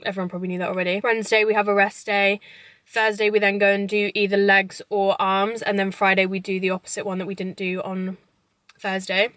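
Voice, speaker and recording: A woman's voice: mid-range voice, completely flat delivery, brisk, a bit bright, no echo. Girl in her 20s chatting from her car, eating while she talks. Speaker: YouTuber. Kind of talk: casual chat to camera. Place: parked car.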